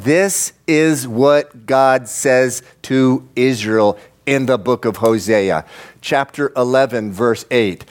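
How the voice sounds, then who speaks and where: Speaking slowly in a mid-range voice, a male pastor preaches to his church. He talks straight to the people in the pews, his emphasis rising with passion and repeated phrases.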